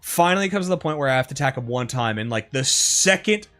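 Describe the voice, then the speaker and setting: A man's voice: mid-range voice, quick pace, soft background music. A man streaming gameplay, telling stories in a rambling, profane way full of fillers. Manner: rambling, profane, animated retelling with frequent fillers. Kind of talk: casual storytelling over gameplay.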